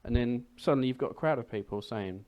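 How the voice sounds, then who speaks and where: A young man co-hosting a podcast, rambling through movie news in easy, wry chat. His pitch sits in an ordinary middle range. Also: quick pace, dull audio. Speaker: podcast co-host. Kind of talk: casual chat.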